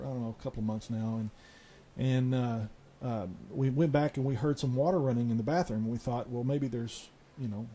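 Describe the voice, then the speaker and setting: A man, a guest on a talk show, telling a ghost story in a halting way. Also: mid-range voice, dark tone, slight background noise, rough recording. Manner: halting, full of restarts and fillers.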